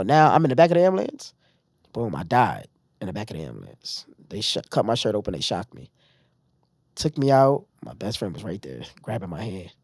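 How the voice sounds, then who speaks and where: This podcast guest, a different man, speaks in a mid-range voice with no room sound on a dry close mic. He is a casual storyteller giving an animated retelling in which he acts out others' lines.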